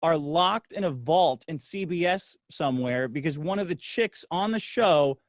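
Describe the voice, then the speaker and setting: A middle-aged man telling a profane, brash story in casual livestream talk, acting out other people's lines in a lower voice. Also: animated, moderate pace, no echo, studio quality. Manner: acts out others' lines in a low voice. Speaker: guest.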